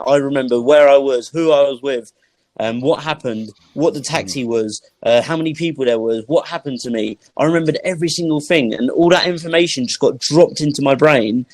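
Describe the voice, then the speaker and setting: A man's voice: medium pitch, no room sound. Guy telling his story, really dramatic, acts out the sounds, dry close sound. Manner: vivid and dramatic, acts out sounds and inner thoughts. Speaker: motivational speaker, podcast guest. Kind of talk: personal storytelling.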